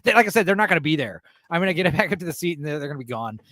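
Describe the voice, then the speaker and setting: A man hosting a casual podcast, telling stories animatedly and acting out scenes with sudden high yelps. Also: sing-song, very fast, sharp tone, dry recording, clean studio sound. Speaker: podcast host. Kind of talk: casual chat.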